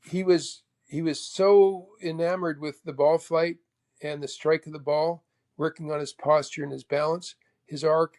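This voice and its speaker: A man in his sixties from Canada, a guest telling animated anecdotes and acting out both sides of old conversations. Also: fairly high pitch, vocal fry. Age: 60s. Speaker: guest, golf professional. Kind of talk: casual storytelling chat.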